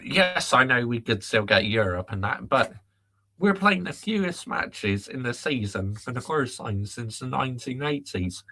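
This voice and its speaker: A man's voice: mid-range voice, animated, measured pace, pushed and bright. A man hosting a football channel, reading out viewer comments and ranting back at them in exasperation. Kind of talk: live chat reaction rant.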